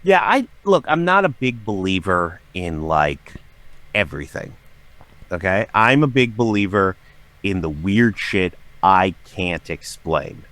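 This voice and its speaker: A middle-aged man, a podcast guest, telling a story with lots of swearing and dramatic acted-out shouting. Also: deep voice, big pitch swings, a little slow, no room sound. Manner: profane, dramatic, acts out his own shouting. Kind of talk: animated storytelling.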